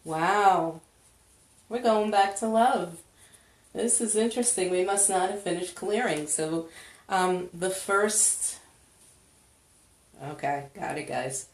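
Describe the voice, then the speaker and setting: A woman leading a live money-clearing session, chatty and casual, greeting viewers as she goes. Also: mid-range voice. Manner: chatty, slow, greets viewers, laughs often. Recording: echoey room.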